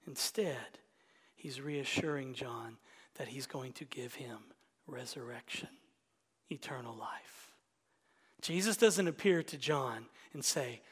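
A male pastor preaching a sermon, dropping to hushed whispers and rising to loud emphatic lines. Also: mid-range voice, expressive, unhurried, breathy edge. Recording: long church reverb.

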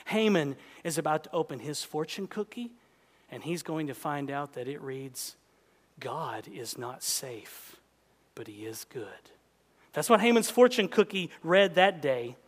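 Man, preacher, sermon, high voice, dramatic storytelling, emphatic peaks, long echoing hall.

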